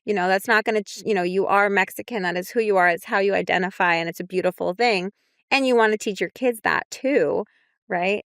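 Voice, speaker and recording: Young adult woman, clinician guest. Reflective, casual, smooth and clear, dry close mic. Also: medium pitch, brisk, fairly bright tone, dry recording. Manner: reflective, many fillers like "right?" and "you know". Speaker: clinician on a parenting podcast. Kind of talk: casual podcast discussion.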